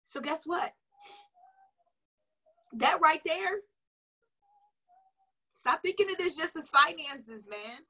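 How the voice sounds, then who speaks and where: A woman's voice: sits high, animated, slow pace, pauses often, bright, forceful tone, low-quality recording. A woman giving a casual motivational coaching talk, emphatic and chatty, repeating her key phrases. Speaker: sales coach.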